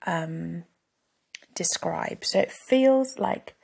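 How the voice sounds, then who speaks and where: Husky woman sharing a reflective monologue. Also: lowish voice, lively intonation, extremely slow, darkish tone. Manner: candid, thoughtful, often drops to a near-whisper. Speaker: podcast host.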